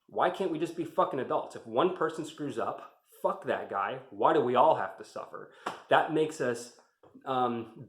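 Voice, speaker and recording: A man telling an army story in a casual, rambling way, swearing often and getting heated, in a roomy-sounding space. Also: medium pitch. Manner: profane, rambling, gets heated. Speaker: army veteran vlogger. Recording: roomy echo.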